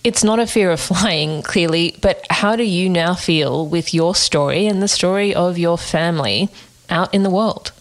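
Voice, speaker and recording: A woman's voice: on the low side, moderate pace. A woman interviewer asking an author about her memoir in a thoughtful, appreciative way. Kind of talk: interview questions.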